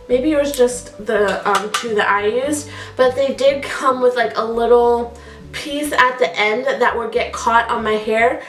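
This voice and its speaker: A woman in her twenties chatting casually on camera about her favorite products, gushing and repeating how much she recommends things. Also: far from the mic. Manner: chatty, gushing, repeats "so good" and "highly suggest". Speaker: beauty vlogger. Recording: echoey room, voice a bit off-mic, soft music. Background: faint background music.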